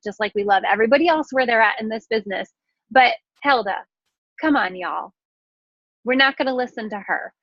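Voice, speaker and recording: A woman's voice: a little high, no echo. Upbeat, frank woman coaching her team. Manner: energetic, frank, casually profane. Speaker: sales team leader. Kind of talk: motivational team talk. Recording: dry, slightly dull recording.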